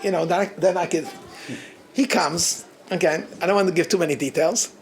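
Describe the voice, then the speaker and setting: A middle-aged man with an American accent, a rabbi telling stories to a gathering in an animated, halting way, with many restarts and chuckles. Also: on the high side, a little hiss or hum. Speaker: rabbi giving a talk. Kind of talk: storytelling talk at a gathering.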